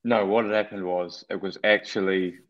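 A New man with a lowish voice, spinning a loose, swearing, chuckling anecdote for his podcast co-hosts. The sound is a bit dull and lo-fi, as if the recording lacked its top end. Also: steady tone, normal speed. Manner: rambling, laughing, profane anecdote-telling. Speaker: podcast co-host, former racing cyclist. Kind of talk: casual storytelling chat.

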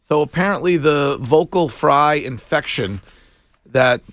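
Morning radio guy, kinda high voice, wry and jokey, dry studio mic. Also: measured pace, no echo. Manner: wry, animated, chuckling asides. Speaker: morning radio show host. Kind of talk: casual talk radio banter.

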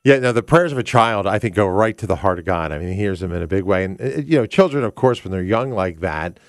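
A man's voice: deep voice, animated, fast, no echo, studio quality. A man hosting an interview, asking questions in an engaged, conversational way. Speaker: interviewer host.

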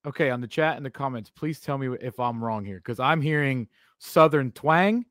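A man's voice: mid-range voice, expressive, normal speed, a bit bright, no room sound, clean studio sound. A man co-hosting a sports talk show, teasing his partner in playful banter. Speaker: co-host.

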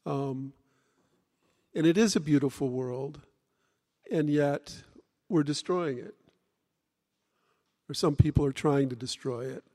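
A man moderating a live panel, speaking in a relaxed, reflective way. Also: on the high side, takes it slowly, pauses often. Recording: reverberant hall.

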